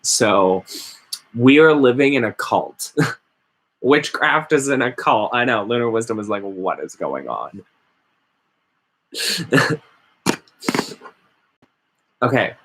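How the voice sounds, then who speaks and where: A man's voice: mid-range voice, slow, long pauses, fairly bright tone, slight background noise. A man hosting a casual, rambling chat while stoned, often mock-quoting other people. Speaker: host.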